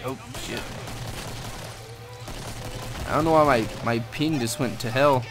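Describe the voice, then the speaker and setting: A young man casually commentating a shooter game, swearing and shouting at enemies as he plays. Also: mid-range voice, fairly quick, over music. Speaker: gameplay commentator. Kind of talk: casual gaming chat. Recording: game audio behind with clear gunfire noise.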